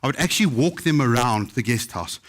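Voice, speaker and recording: Middle aged south african guy, chef telling funny stories to a crowd, lively and jokey, regular pitched voice. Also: brisk. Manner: lively, humorous, mimics other people's voices in quotes. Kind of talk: live anecdotal storytelling to an audience.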